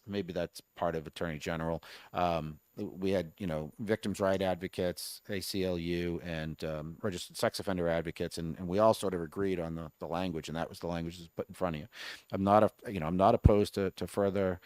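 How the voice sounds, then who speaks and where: Deep-voiced man giving halting testimony. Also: no echo. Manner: earnest, halting, talks his way through points. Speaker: bill sponsor testifying to a committee. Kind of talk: legislative committee testimony. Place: state house committee room.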